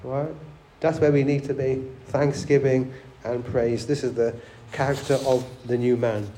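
A man's voice: mid-range voice, little pitch movement, unhurried, dark tone, reverberant, a little hiss or hum. A man preaching a sermon, conversational, often asking the church rhetorical questions and repeating words as he restarts. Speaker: pastor.

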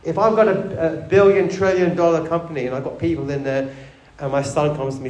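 A pastor's sermon comes in a slightly high, steady voice with a darkish tone, fairly quick and with few pauses. He talks conversationally, firing rhetorical questions at the church and repeating words whenever he restarts, in a roomy-sounding space.

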